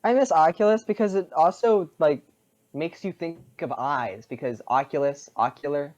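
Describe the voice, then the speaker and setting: A man co-hosting a casual gaming podcast, sarcastic and quick to laugh. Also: fairly high pitch, a little mellow, muffled recording. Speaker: podcast co-host. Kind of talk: casual chat.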